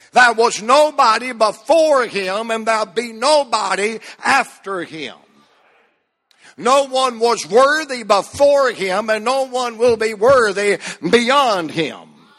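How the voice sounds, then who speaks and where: A man's voice: sits high, pushed and bright. A man preaching a sermon as pastor, drawing out words with emphatic cadence and calling the congregation to repeat after him. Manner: drawn-out emphatic preaching cadence, call and response. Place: church sanctuary. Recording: long church hall reverb.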